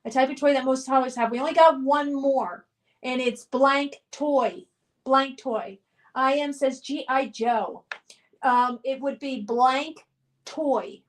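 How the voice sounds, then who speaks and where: A woman's voice: high voice, takes it slowly. A woman hosting a live stream, chatting casually and reading viewer comments aloud in an upbeat, reminiscing way with frequent laughs.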